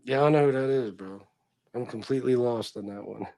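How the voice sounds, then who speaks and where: A man's voice: medium pitch, brisk, creaky, no room sound. A man hosting a casual livestream, reading comments and telling rambling, profane stories. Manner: profane, rambling, animated reactions. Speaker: livestream host.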